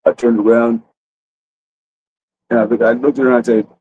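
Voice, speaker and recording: A man's voice: medium pitch, little pitch movement, moderate pace, phone-quality sound, a little hiss or hum. A man telling a rambling, profane story to his livestream audience in a casual way, full of restarts. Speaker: streamer.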